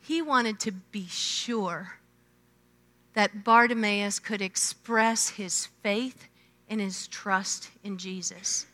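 High bright lady preaching a sermon, slow and emphatic, big echoey hall. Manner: emphatic, slow, with swelling and hushed phrases. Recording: long hall reverb.

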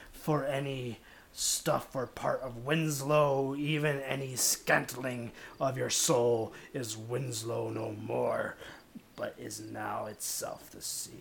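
Man putting on a gravelly old sea captain. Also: medium pitch, a bit bright. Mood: grim, ominous. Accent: put-on old sailor accent. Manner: theatrical, declaiming with mounting rage. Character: furious old male sea captain cursing.

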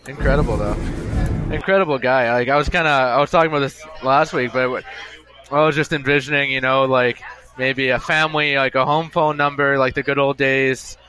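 Amid the crowd noise of a bar, a podcast host tells a long story on his own, chatty and self-amused, rambling and repeating himself. His mid-range voice holds a fairly even intonation and runs a little fast.

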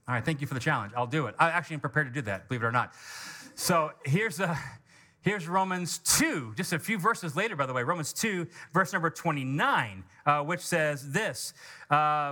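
Emphatic pastor with a bright voice. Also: male voice, animated, moderate pace. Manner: emphatic, climbing in pitch on key words. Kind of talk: sermon.

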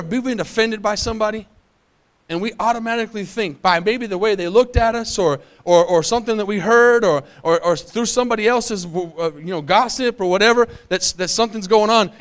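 A man preaching a sermon as pastor, conversational and joking, asking the congregation questions, with repeats and quiet asides. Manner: repeats and restarts, drops to low asides.

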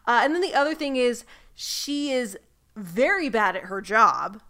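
A woman's voice: a little high, lively intonation, unhurried, bright, forceful tone. A woman co-hosting a casual recap podcast, talkative and explaining things with lots of asides. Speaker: podcast co-host.

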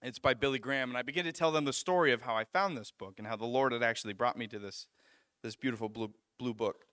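A young man gives a sermon through a personal story, his voice bright and forward. He tells it with animation, stumbling and restarting as he goes. The sound is dry and close. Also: medium pitch, fast, clear, resonant tone, dry recording. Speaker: preacher.

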